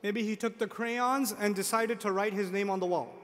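A man's voice: high voice, normal speed, fairly bright tone. A man preaching a sermon to an audience, emphatic, repeating key phrases, asking rhetorical questions and making joking asides. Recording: long hall reverb.

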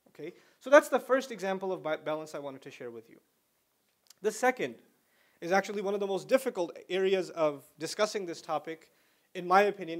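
An Islamic lecturer with a slightly high voice gives a religious talk to a young audience. He is an animated storyteller whose volume swings widely from quiet to loud, and he keeps things conversational by asking his listeners questions.

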